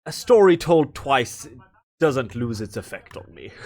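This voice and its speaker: A man voicing a calm, amused male god of stories who talks in a measured, musing way. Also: medium pitch.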